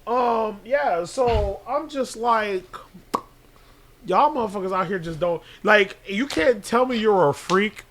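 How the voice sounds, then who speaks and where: Man, podcast co-host: high, bright voice, profane, animated storyteller who acts out the quotes. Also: slow, a little hiss or hum.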